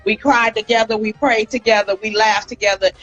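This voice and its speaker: A woman in her fifties from Inglewood, California, telling stories from her career as a hairstylist in a casual interview. She talks in an animated, chatty way, acting out quotes and calling her listener "girl". Her voice sits on the higher side. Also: fairly quick, dull audio, faint music behind. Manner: animated, acts out quotes, says "girl" often. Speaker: celebrity hairstylist and guest.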